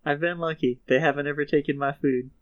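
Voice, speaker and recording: Slightly high man making wry quips. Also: steady tone, fast talker, highs cut off. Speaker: podcast co-host. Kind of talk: casual chat.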